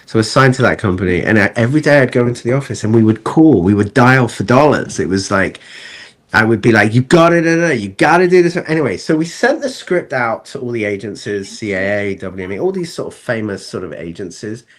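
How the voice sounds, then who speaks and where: A man's voice: lowish voice, a little fast, few pauses. A man, a film director, telling stories in a casual interview and acting out the people in them. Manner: animated storyteller who acts out other people.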